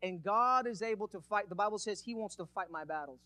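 Preacher guy w a really high bright voice, keeps calling on the church, dry sound. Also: fairly quick, few pauses, dry recording. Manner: energetic, calls out to congregation. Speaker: pastor. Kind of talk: sermon.

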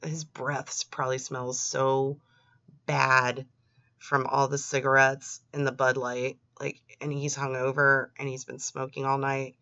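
A woman's voice: extremely low pitch, completely flat delivery, unhurried, bright, forceful tone, no echo. A young woman reading chat logs aloud and adding sarcastic, disgusted comments. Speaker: commentary host. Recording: dry, slightly dull lo-fi home recording.

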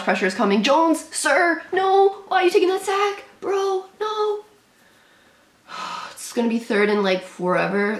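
A woman's voice: fairly low pitch, roomy sound. A young woman calling an American football game live as a fan, in short clipped sentences, nervous and anxious. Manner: nervous play-by-play, shrieking at big plays. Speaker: sports fan commentator. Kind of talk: live game reaction commentary.

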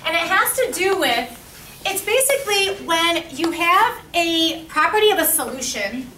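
A woman teaching high school chemistry in a classroom lecture. She asks the class questions and repeats their answers back to them. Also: sing-song, a little slow, bright, forceful tone, slight background noise. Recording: echoey classroom, mic at a distance.

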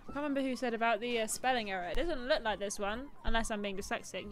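A woman's voice: medium pitch, brisk, a bit bright, soft background music. A young woman hosting a live stream, chatting playfully through gameplay commentary and teasing the game.

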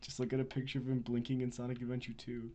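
A man's voice: mid-range voice, monotone, rapid-fire, mellow. A man co-hosting a podcast in casual chat, teasing his friends and laughing often. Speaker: podcast co-host.

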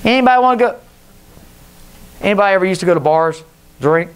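A middle-aged man preaching a Pentecostal sermon, jumping between loud calls and low intense passages. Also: animated, quick pace, smooth. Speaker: pastor. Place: church sanctuary.

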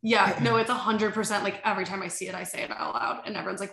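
A woman's voice: mid-range voice, steady tone, rapid-fire, few pauses, pushed and bright. A woman guesting on a podcast, telling stories animatedly with lots of fillers and acted-out quotes. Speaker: podcast guest, sports agency head. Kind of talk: casual chat. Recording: roomy echo.

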